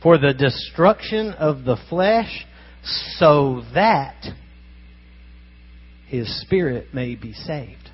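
A man preaches with a husky, slightly raised voice. He talks conversationally and asks his listeners rhetorical questions. The recording sounds dull and lo-fi. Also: a little high, animated, drawn-out words, pauses often. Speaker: pastor. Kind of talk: sermon.

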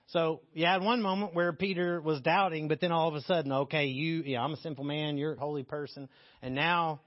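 A man's voice: on the high side, dry recording, dull audio. Man teaching the Bible, frank and jokey. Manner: candid and joking, reads scripture aloud. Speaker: preacher.

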